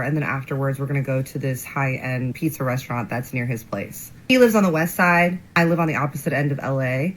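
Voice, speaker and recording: A woman's voice: deep voice, rough recording. A young woman telling a dating storytime in a bubbly, chatty, sassy way. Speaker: storyteller in a played short clip.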